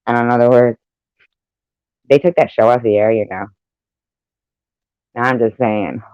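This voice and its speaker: A man's voice: mid-range voice, steady tone, a little slow, pauses often, darkish tone, clear, resonant tone, no room sound. A man chatting casually in an online voice room, laughing often and swearing freely. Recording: dull lo-fi sound.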